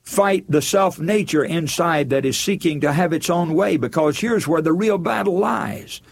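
A man preaching an earnest, measured sermon, building emphasis with rising phrases. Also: a little high, vocal fry.

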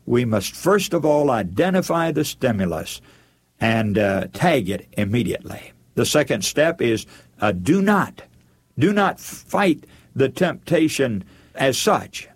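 A man preaching an earnest, measured sermon, building emphasis with rising phrases. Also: mid-range voice, big pitch swings, breathy edge.

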